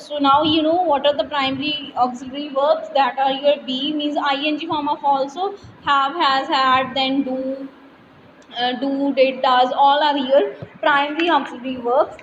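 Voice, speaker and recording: A woman teacher with an Indian English accent walks through a grammar lesson step by step, reading example sentences aloud. Her voice sits high. The room rings with a long reverb over a faint hiss. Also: dull audio. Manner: explains step by step, reads example sentences aloud, frequent fillers.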